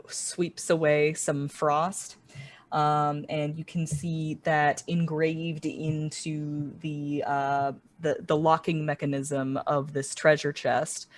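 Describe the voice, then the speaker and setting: A game master slowly describing a tabletop scene, with many pauses and fillers. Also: mid-range voice. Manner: slow, hesitant, many ums.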